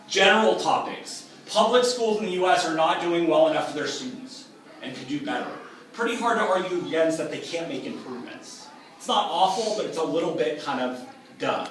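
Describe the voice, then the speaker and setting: A man's voice: on the high side, a bit bright, slight background noise. A man giving an upbeat, emphatic writing lesson, contrasting weak and strong examples as a teacher. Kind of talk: explanatory lecture. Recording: echoey room from a distance with faint ambience.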